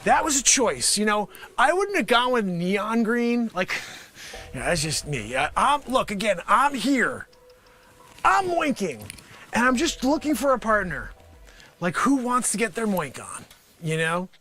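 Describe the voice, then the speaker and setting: Manic, high, lively comedian man. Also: measured pace. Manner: manic, rambling, sarcastic, swings between loud outbursts and mutters. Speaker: host of a live improv comedy and music show. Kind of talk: improvised comedy bit, pitching a product to investors.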